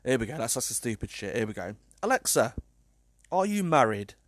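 Chatty, exasperated British vlogger. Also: male voice, mid-range voice, sing-song, brisk, no room sound. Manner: chatty, exasperated, swears and laughs often. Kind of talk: casual chat to camera.

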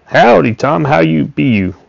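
A man's voice: a little high, lively intonation, measured pace, creaky, no echo, voice pushed up, exaggerated voice. A man voicing a talkative old male farmer and horse trader who coaxes in a folksy rural drawl. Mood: hollering sociably. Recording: dull, dry recording.

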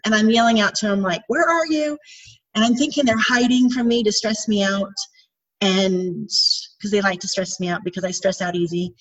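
A woman in her forties, a mother telling a group personal stories in a chatty, rambling, self-deprecating way. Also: fairly high pitch. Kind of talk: casual personal storytelling. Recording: distant, dull lo-fi recording.

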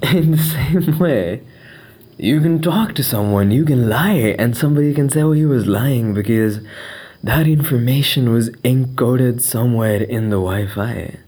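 A young man, hosting a reflective monologue podcast, musing aloud, slipping into Urdu phrases and dropping into hushed whispers. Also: mid-range voice, unhurried, breathy edge. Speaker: podcast host.

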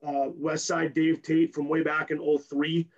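A strength coach, a man, explaining his training program in rapid, technical detail in a podcast interview while hoarse from losing his voice. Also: a little high, flat delivery, muffled recording. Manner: rapid and technical, keeps tagging "right?".

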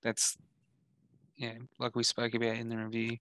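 An Australian man co-hosting a podcast, offering measured, reasoned counterpoints about film trailers. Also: mid-range voice, monotone, pushed and bright, no room sound. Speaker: podcast co-host. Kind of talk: casual chat reviewing film trailers.

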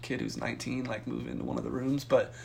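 A young man co-hosting a podcast, telling a profane story in a casual, animated way and acting out the voices in it. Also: medium pitch, fast, gravelly, slight background noise. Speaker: podcast co-host.

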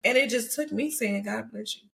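A woman, hosting a casual faith talk. Her voice sits high and has a gravelly edge. She tells stories animatedly and laughs often. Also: normal speed, fairly bright tone. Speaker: podcast host.

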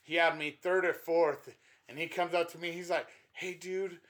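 A man hosting a podcast, telling stories in a casual, animated and profane way. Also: a little high, moderate pace. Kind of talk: casual chat.

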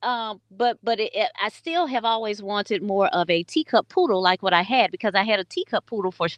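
A woman's voice: mid-range voice, a little fast, no room sound, dull audio. A middle-aged woman, co-hosting a casual podcast chat and telling stories with lots of laughter and acted-out quotes. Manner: animated storyteller, laughs often, acts out quotes. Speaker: co-host.

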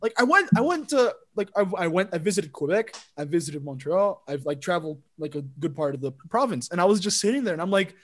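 A young man with a notably high voice co-hosts a casual podcast. He rambles through stories, packing in fillers and swearing as he goes. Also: sing-song, quick pace, few pauses. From Colombia. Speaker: podcast co-host. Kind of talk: casual chat.

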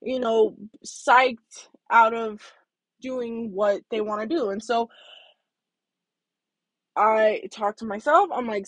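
A woman vlogging, telling a personal story candidly, swinging between hushed asides and loud bursts, with some swearing. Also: on the high side, slow, no room sound. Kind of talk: casual storytelling monologue.

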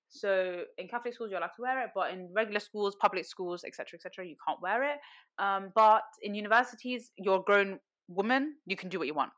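Chatty young woman telling stories. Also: mid-range voice. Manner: animated storyteller, lots of fillers and laughter. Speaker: podcast guest. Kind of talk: casual chat.

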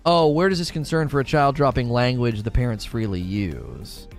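A man's voice: medium pitch, lively intonation, normal speed, faint music behind. A man in his thirties, a father, giving blunt opinions in casual chat while answering questions, often restarting his sentences.

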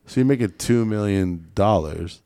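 A man's voice: fairly low pitch, moderate pace, no room sound, studio quality. A man hosting a podcast, telling casual stories with swearing and acted-out dialogue. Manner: animated, swears, acts out quoted dialogue. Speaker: podcast host.

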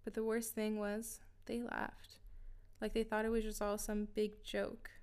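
A woman reading a scripted first-person story in a steady, even way. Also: medium pitch, unhurried, clean tone. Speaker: narrator.

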